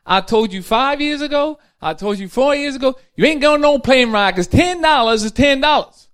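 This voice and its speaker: A man voicing a stingy, bossy 95-year-old woman in a high, scolding tone. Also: lively intonation, normal speed, a bit bright, clear, resonant tone. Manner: scolding, high-pitched put-on old lady voice.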